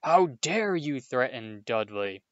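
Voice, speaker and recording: A man voicing a loud, furious, bullying middle-aged uncle in a storybook reading, shouting in bursts. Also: a little high, lively intonation, quick pace, no echo, dull audio, pitched above the performer's own voice. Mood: roaring.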